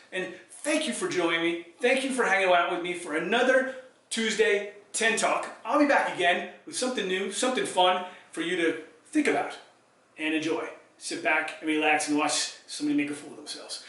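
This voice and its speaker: A man hosts his own talk show, chatting in an upbeat way and putting questions to the viewers. His voice sits high and sounds bright. He is recorded in an echoey room and stands a little away from the mic. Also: recorded from a distance. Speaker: host. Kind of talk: solo talk show monologue.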